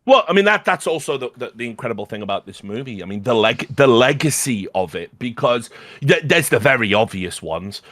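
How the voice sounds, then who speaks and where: A man's voice: mid-range voice, very animated, a little fast, fairly bright tone, no echo, clean studio sound. A man co-hosting a film podcast, talking casually with frequent hesitations and restarts. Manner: hesitant, with many fillers and restarts. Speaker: podcast co-host.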